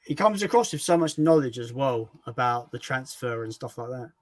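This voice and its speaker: A man's voice: mid-range voice, expressive, normal speed, no echo. A man with a British accent in a casual livestream chat, speaking candidly, swearing freely and poking fun at himself. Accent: British English.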